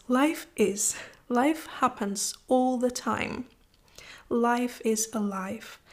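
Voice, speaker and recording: A vlogger with a fairly high-pitched voice gives a heartfelt, reflective personal monologue. She often drops to a soft whisper and is moved to tears.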